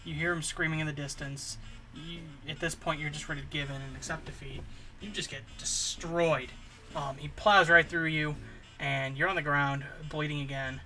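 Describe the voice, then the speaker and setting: A man spinning an improvised comic ramble, his voice very bright and a touch high. He keeps restarting and filling gaps with um's as he goes. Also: steady tone, normal speed. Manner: rambling, full of fillers and restarts. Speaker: comedy channel host.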